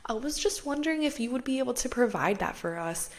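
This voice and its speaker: Sweet, overly polite young woman, pitched high and sing-song; a woman reenacting her friend. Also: expressive, fast. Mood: polite pleading. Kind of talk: acted-out anecdote.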